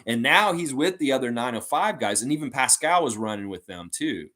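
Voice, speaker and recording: Animated man hosting a fan livestream. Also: medium pitch, fairly quick. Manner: rambling and animated, with many fillers like "and stuff like that". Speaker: host of a fan channel livestream. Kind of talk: casual livestream chat, reading out viewer comments.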